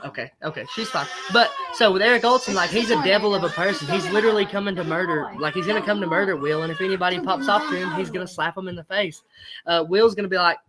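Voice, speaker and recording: Fast-talking, high-voiced man. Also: a crowd in the background. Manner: blunt, emphatic, swears freely. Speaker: fight promotion owner, guest. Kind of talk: casual interview chat.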